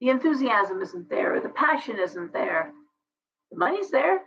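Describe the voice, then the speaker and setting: A woman with a raised, gravelly voice chats her way through a live tarot reading, wandering into asides as she goes. She is losing her voice and sounds hoarse. The live-stream audio comes through dull and lo-fi. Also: a little high, sing-song, moderate pace, a bit bright. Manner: chatty and meandering, with many asides. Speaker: tarot reader hosting a live video.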